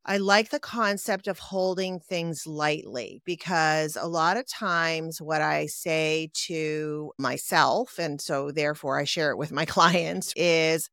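A woman co-hosting a reflective podcast talk in a thoughtful, measured way. Her voice sits fairly low and sounds smooth and resonant. The recording is dry and close. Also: no room sound. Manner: thoughtful, measured, often affirms with soft murmurs. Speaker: therapist and podcast co-host. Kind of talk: casual reflective conversation.

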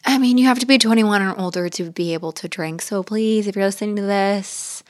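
A woman's voice: mid-range voice, brisk. A young woman co-hosting a podcast in a playful, casual chatty way. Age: young adult. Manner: chatty, playful, thinking aloud. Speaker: podcast co-host. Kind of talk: casual chat.

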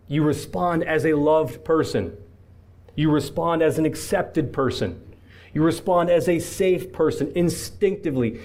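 A man's voice: medium pitch, a little mellow. Earnest man preaching a sermon. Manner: earnest, builds with repeated phrases. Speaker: pastor.

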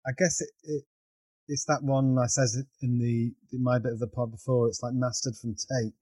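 A man's voice: medium pitch, flat delivery, normal speed, mellow, dry recording. A man chatting casually on a podcast, hesitant and correcting himself as he talks. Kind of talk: casual chat.

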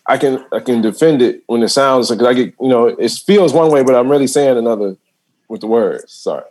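Fairly quick and medium in pitch, a comedian chats as a guest on a relaxed podcast. His storytelling is animated, laughter comes often, and he voices the quotes himself.

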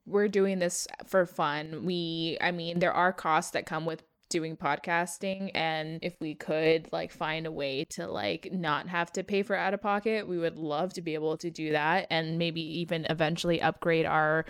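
Smooth-voiced woman podcast co-host. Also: deep voice, steady tone, normal speed, hardly any pauses, no room sound, clean studio sound. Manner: laughs often, rambling with restarts. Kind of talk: casual chat.

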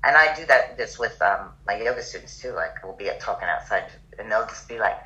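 A middle-aged woman chatting as a podcast guest, with a bright, forward tone. She tells her stories with energy and slips into the voices of the people she quotes. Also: rumbling low, fairly quick, few pauses, highs cut off. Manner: animated, acts out quoted dialogue. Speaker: podcast guest, yoga teacher. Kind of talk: casual conversational storytelling.

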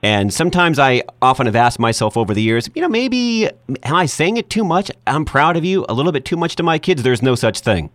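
A man's voice: on the high side, big pitch swings, a little fast, a bit bright, no room sound. Encouraging male podcast host. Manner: encouraging, affirming listener. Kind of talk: conversational interview.

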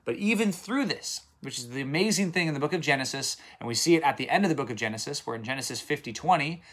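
A man's voice: on the high side, animated, quick pace, fairly bright tone. A man giving casual daily Bible commentary, retelling the stories in plain modern speech and checking in with listeners as he goes. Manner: checks in with listeners, repeats for emphasis. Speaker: Bible reading teacher.

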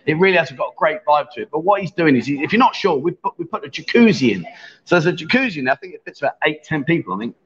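Middle-aged male host, quick jokey chatter, muffled stream sound. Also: fairly high pitch, very animated, fairly bright tone. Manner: chatty, jokey, laughs often. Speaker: livestream host. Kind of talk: casual live-stream chat, reading viewer comments. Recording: dull lo-fi stream audio.

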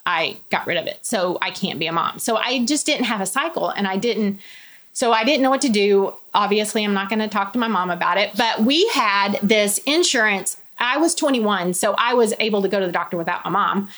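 A woman shares a personal story as an interview guest, candid and chatty, sprinkling in many quoted asides. Her medium-pitched voice is a bit bright and moves a little fast, like testimony told in casual conversation.

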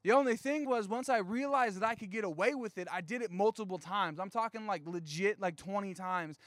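Lively young male youth preacher. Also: high-pitched, brisk, no echo, studio quality. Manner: animated storytelling, chatty fillers. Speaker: youth pastor. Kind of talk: casual sermon with personal story. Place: outdoor evening gathering.

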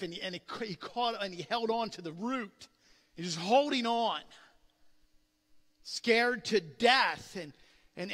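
Bright-voiced preacher in a ringing hall. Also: male voice, high voice. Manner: earnest storytelling with frequent restarts. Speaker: pastor. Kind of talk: sermon. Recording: long hall reverb.

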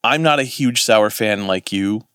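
A man's voice: lowish voice, measured pace, fairly bright tone, clean tone, no echo, studio quality. A man, co-hosting a podcast in casual chat, rambling and swearing as he corrects himself. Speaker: podcast co-host.

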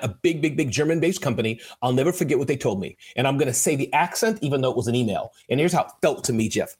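A man talking as an interview guest, joking and animated, often calling the host by name. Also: medium pitch, husky. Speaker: guest speaker. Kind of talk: casual interview chat.

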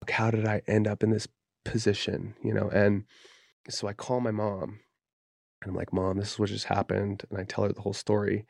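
A man's voice: on the low side, little pitch movement, a little fast, vocal fry, darkish tone, no room sound, studio quality. A man from Utah, a podcast guest, telling a personal story in a candid, profane, casual way with plenty of "you know" and "dude.". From Utah, USA. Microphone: podcast studio mic.

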